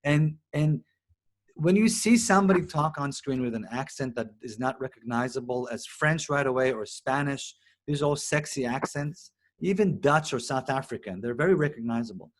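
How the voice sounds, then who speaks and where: An animated man whose first language is Hebrew, chatting in a relaxed interview. He talks expressively, stops and restarts his sentences, and sits at a middle pitch. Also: normal speed. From Israel. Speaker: actor and director, interview guest. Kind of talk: casual interview conversation.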